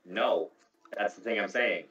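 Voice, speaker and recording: Brief: low-pitched male podcast host, explanatory, recorded off-mic in an echoey room. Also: unhurried, fairly bright tone, far from the mic, lo-fi sound. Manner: explanatory, walks through game details at length. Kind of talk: casual podcast chat about video games.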